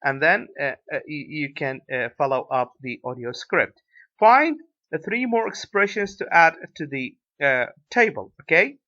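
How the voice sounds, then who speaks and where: A male English lecturer with an Iraqi Arabic accent, explaining a lesson slowly and filling pauses with "uh" and "right?". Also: on the high side, very animated, sharp tone. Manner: hesitant, many fillers, tag questions like "right?". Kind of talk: recorded lecture. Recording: dull lo-fi lecture recording.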